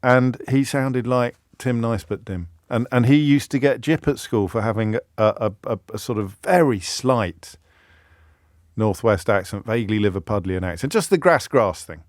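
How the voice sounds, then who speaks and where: A man hosts a radio phone-in in a rambling, animated way, full of restarts and asides. His voice sits at an ordinary middle pitch. The studio sound is close and dry, with no room around it. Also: normal speed, no echo. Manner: rambling, self-interrupting, animated storytelling. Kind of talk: talk radio monologue and call. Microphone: studio microphone.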